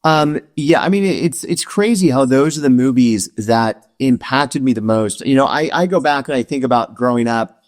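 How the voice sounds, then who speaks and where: A man's voice: medium pitch, moderate pace. A man hosting a podcast, asking his guest questions in casual chat, earnest and hesitant with many fillers. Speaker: podcast host.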